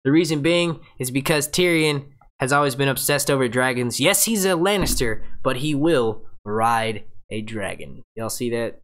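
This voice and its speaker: An excitable man hosts a live breakdown stream in a loose, casual way. He swears freely and keeps jumping into jokey impressions, talking into a webcam mic in front of a green screen. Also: medium pitch. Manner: excitable, profane and jokey, does quick impressions. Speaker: livestream host.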